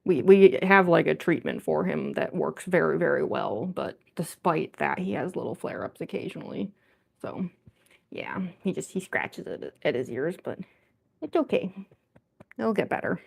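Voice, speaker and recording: A woman artist chatting casually on a livestream while she draws at home, talkative and quick to giggle. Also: deep voice, very animated, gravelly, husky. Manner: chatty and giggly, with frequent laughs.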